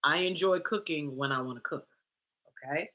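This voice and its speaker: A woman's voice: low voice, normal speed, sharp tone. A woman hosting a livestream for women, talking bluntly and confrontationally with many rhetorical questions. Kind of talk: livestream talk.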